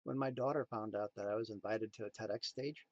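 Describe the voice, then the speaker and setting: A man giving a motivational talk in a preachy, emphatic way, swinging between loud punchlines and quiet asides. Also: on the low side, brisk, highs cut off. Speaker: motivational speaker.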